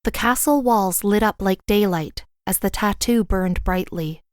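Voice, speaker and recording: A woman narrating a fantasy audiobook in the first person, with a smooth, clear reading voice. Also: medium pitch, a little slow, hardly any pauses, no room sound, studio quality.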